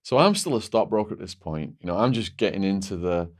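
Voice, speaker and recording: Male guest, lowish voice, vivid storyteller who restarts his sentences and leans on "like". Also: animated, fast talker. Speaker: interview guest. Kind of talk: recounting a personal story.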